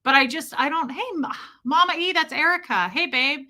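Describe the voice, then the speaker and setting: A woman hosting a livestream, reading viewer comments and mimicking people in animated put-on voices. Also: sits high, moderate pace. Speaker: livestream host.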